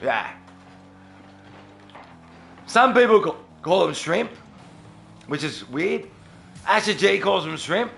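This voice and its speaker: A man's voice: high voice, very animated, slow, creaky, long pauses, fairly bright tone, a little hiss or hum. A young Australian man with an Australian accent, chatting casually with viewers on a livestream and answering them by name. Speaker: streamer.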